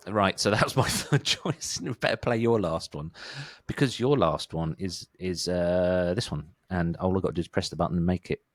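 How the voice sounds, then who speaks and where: A man's voice: sits low, moderate pace, few pauses, a little hiss or hum. A man co-hosting a music podcast in casual chat, rambling, restarting and laughing often. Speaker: podcast co-host.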